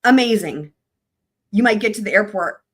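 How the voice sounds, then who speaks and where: Woman, live-stream host, casual crime commentary, rambling and chatty, mid-pitched voice. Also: lively intonation, normal speed, husky. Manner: chatty and rambling, talks to her chat.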